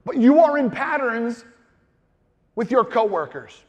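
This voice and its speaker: A man's voice: very high-pitched, very animated, unhurried, in a large hall, lo-fi sound. A man in his thirties giving a comedic motivational keynote speech, playful and self-deprecating, acting out little voices. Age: 30s. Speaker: keynote speaker. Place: large conference hall with audience.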